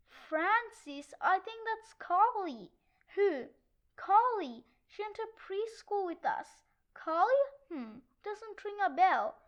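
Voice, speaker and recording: High-voiced woman reading a kids' comic. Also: highs cut off. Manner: switches between many kid characters. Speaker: read-aloud narrator. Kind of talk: reading a children's comic book aloud.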